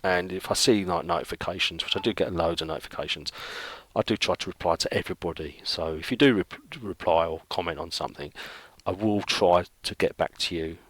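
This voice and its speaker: A middle-aged man talks an illustration vlog through in a very low voice, musing aloud and filling gaps with ums and restarts. The sound is dry and close, with no room echo around him. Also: a little fast, fairly bright tone. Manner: rambling, thinking aloud with many fillers. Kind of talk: casual narration while drawing.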